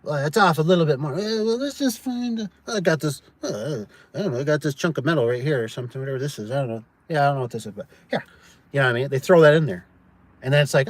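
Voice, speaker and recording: A man's voice: medium pitch, animated, quick pace, no room sound. Rambling man, dry close sound. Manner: storytelling, acts out quoted people, lots of fillers. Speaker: door and gate business owner. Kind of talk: casual rambling livestream chat.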